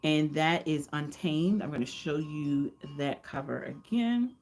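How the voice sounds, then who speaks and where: A woman's voice: deep voice, measured pace. Chatty woman recapping a book. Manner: animated retelling with acted-out quotes. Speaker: book reviewer. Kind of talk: casual book review vlog.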